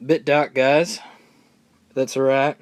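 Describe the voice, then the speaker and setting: A young man from Australia chatting excitedly through a live Q&A stream, recorded on his phone in a room of books. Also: medium pitch, slow. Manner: chatty, excitable, answers comments on the fly. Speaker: fan vlogger. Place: room full of books, indoors.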